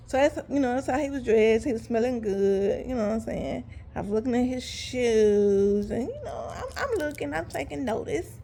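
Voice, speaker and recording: A woman's voice: a little high, vocal fry, slight background noise. A woman telling a story to her viewers in a casual, chatty way, talking straight to them and laughing as she goes. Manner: animated, laughs while telling. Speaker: vlogger.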